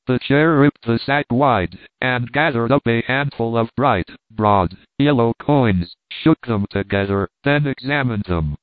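A man narrating a classic story in an even, clear storytelling manner. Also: medium pitch, unhurried, few pauses, no echo. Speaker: audiobook narrator. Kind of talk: scripted narration. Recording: dry, tinny phone-like sound.

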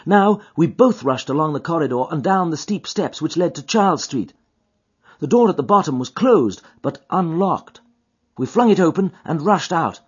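A man reading a first-person story aloud as an audiobook, with an expressive, dramatic delivery. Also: a little high, husky. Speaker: audiobook reader. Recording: dull lo-fi recording.

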